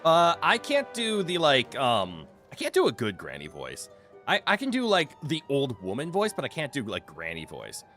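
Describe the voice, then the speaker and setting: A man streaming a video game, chatting casually with his viewers and laughing often. His voice is bright and lively, jumping around in pitch, and faint game music plays behind him. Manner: playful, chatty, quick to laugh. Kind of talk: casual gameplay commentary.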